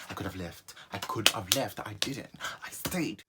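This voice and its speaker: A young man, telling a personal story in an animated way for his vlog and repeating phrases for comic effect. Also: lowish voice, normal speed, few pauses, heavy background noise. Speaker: vlogger.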